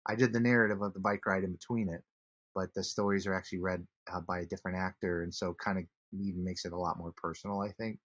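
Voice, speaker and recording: A man, a guest on an interview podcast, telling a personal story earnestly, with many halting restarts. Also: low-pitched, fairly even intonation, a bit bright, dry recording.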